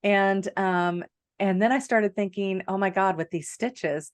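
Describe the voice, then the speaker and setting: A middle-aged woman co-hosting a podcast, telling a personal story in a chatty, animated way and often breaking into laughter. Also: mid-range voice, a little slow, dry recording, clean studio sound. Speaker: podcast co-host. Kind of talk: casual storytelling chat.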